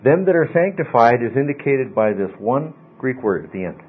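A man's voice: medium pitch, sing-song, moderate pace, slightly rough. A man teaching a Bible study class, explaining word meanings patiently and often checking in with his listeners. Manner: explanatory, often asks okay. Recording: tinny phone-like audio, faint mains hum.

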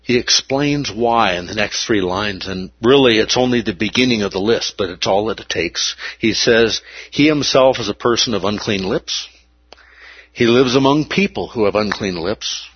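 A man's voice: lowish voice, moderate pace, husky, no room sound, highs cut off. A man preaching a sermon, emphatic and repeating key words for weight.

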